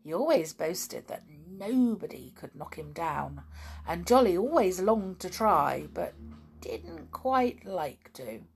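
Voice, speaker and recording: A woman reading a children's storybook aloud in a gentle, expressive, unhurried way. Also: fairly low pitch, vocal fry.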